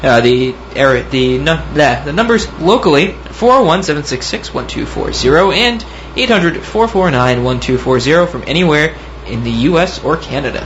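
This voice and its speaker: A man's voice: on the high side, expressive, normal speed, fairly bright tone. A younger man, co-hosting a radio talk show in a casual, self-joking way. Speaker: co-host. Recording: dull lo-fi radio audio with faint hiss.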